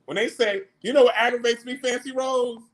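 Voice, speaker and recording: A man, hosting a casual livestream and chatting back to viewer comments in an animated, slangy way. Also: very high-pitched, brisk. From New York. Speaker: livestream host.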